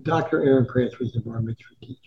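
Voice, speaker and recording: Old guy in his 90s spinning stories, does little voices for people, mid-pitched, kinda dull lo-fi sound. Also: fast. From Newark, New Jersey, USA. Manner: animated storyteller who acts out quoted voices. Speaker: sportswriter guest. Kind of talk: anecdotal storytelling.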